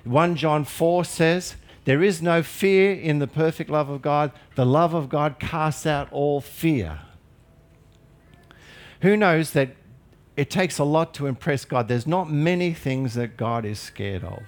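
A man's voice: on the high side, slow pace. A male pastor preaching a sermon in an earnest, emphatic way with light humorous asides.

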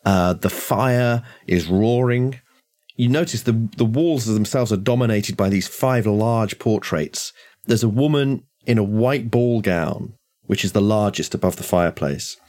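A man narrating a tabletop horror game as game master, describing scenes in a relaxed way. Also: fairly low pitch, a little slow.

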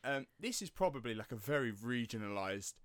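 A man's voice: medium pitch, brisk, dry recording. A man with an Estuary English accent, chatting casually and telling stories animatedly, with some swearing. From England. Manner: animated storyteller, swears freely. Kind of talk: casual chat.

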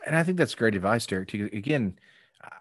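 A low-voiced man hosts a podcast conversation in a thoughtful, affirming manner. His voice is recorded dry and close, with no room sound. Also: animated, quick pace, breathy edge, no echo. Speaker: podcast host.

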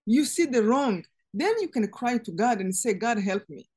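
A woman guest giving an earnest personal testimony in conversation, halting and restarting as she speaks. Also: fairly high pitch, animated, darkish tone, husky. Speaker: interview guest.

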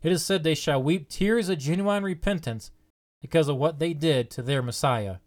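A man delivers a sermon in a fairly high voice. He presses his listeners with earnest, repeated questions and leans hard on the key points. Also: normal speed. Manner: earnest, repetitive rhetorical questions. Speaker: preacher.

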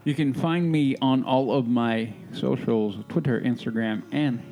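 A man's voice: mid-range voice, a little slow, dark tone, soft background music, rough recording. A man co-hosting a casual podcast, plugging his socials in an upbeat way. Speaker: podcast co-host. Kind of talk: casual chat.

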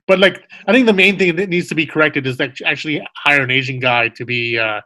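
A man's voice: a little high, quick pace, pushed and bright, dry recording. A man co-hosting a casual chat, rambling through his points. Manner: rambling, many fillers and restarts. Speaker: podcast co-host.

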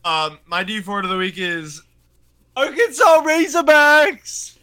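A man co-hosting a casual sports podcast with short, excitable interjections. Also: high voice, moderate pace, smooth. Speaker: podcast co-host.

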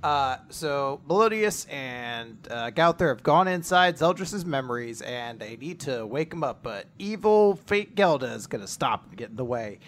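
A man's voice: mid-range voice, expressive, moderate pace, few pauses, a bit bright. A man recapping manga chapters in casual podcast chat, retelling scenes animatedly and acting out the characters' lines. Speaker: podcast co-host.

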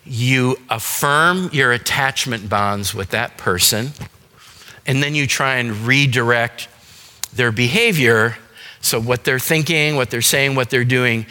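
Bright-voiced man lecturing in an echoey hall. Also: mid-range voice. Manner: conversational, explanatory, with frequent "um" and "you know". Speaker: seminar speaker on dementia caregiving. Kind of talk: church seminar lecture. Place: church seminar room.

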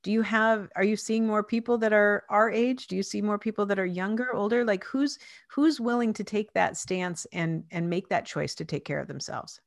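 A woman's voice: mid-range voice, normal speed, creaky, no echo, studio quality. Thoughtful woman host in her fifties. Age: 50s. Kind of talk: casual conversation.

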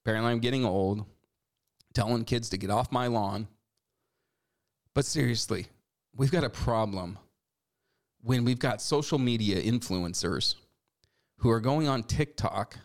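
A man's voice: medium pitch, a little slow, long pauses. A man in his forties hosting a talk show, giving sarcastic, scolding commentary. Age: 40s. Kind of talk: opinion commentary.

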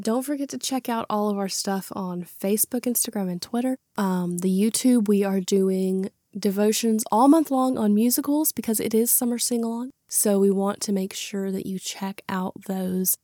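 A woman's voice: medium pitch, warm tone, no room sound, clean studio sound. A woman hosting a podcast, chatting casually and animatedly about a classic film and retelling its scenes. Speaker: podcast host. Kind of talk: casual movie review chat.

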